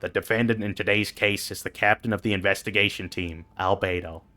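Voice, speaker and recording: A man's voice: deep voice, steady tone, brisk, pushed and bright, pitched below the performer's own voice. A man reading out lines for a stern female knight commander in a silly cowboy voice, formal and stately. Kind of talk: reading game dialogue aloud on stream.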